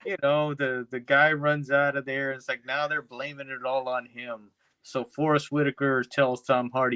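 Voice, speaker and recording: A man's voice: medium pitch, little pitch movement, moderate pace, bright, forceful tone, clean tone, no room sound. A man co-hosting a podcast, recapping a film in a loose, profane, rambling way. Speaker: podcast co-host. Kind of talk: casual podcast chat.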